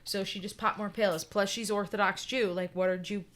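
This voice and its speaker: A woman's voice: medium pitch, fairly even intonation, normal speed, fairly bright tone. A woman in casual podcast chat, telling a personal story bluntly, swearing often and checking in with "right?". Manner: emphatic and candid.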